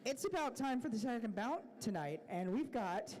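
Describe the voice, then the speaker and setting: A roller derby announcer introducing bouts and teams live in an easygoing, joking way, with many pauses. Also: mid-range voice, lively intonation, a little mellow.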